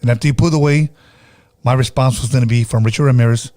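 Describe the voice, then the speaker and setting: A man's voice: mid-range voice, fairly even intonation, fast talker, mellow. A man in his fifties hosting a casual podcast, telling crude stories and acting out the people in them. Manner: crude storytelling, acts out the people he quotes. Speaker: podcast host. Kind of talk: casual chat.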